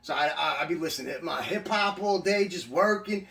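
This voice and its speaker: A man's gravelly, somewhat bright voice sits on the high side, lively and fairly quick, captured from a distance in an echoey room. He's casually recounting his prison experiences, swearing freely and rambling with frequent restarts.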